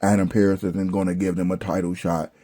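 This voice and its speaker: A man's voice: deep voice, little pitch movement, fairly quick, mellow. A young man ranting bluntly about a wrestling show, exasperated and profane, with slangy asides. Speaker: wrestling commentary vlogger.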